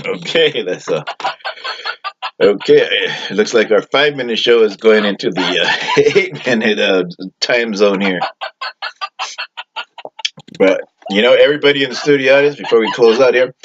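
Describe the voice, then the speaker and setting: A man's voice: lowish voice, a bit bright. A man hosting a comic food review in a tough-guy persona, hesitant and rambling with a repeated "yo". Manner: hesitant, rambling, lots of fillers, "yo" catchphrase. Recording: dull lo-fi audio, faint hiss.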